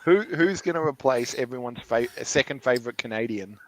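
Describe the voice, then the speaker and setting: A man's voice: medium pitch, expressive, brisk, fairly bright tone, poor audio. A man co-hosting a casual motorsport chat podcast, joking around and acting out quotes in mock voices. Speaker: podcast co-host.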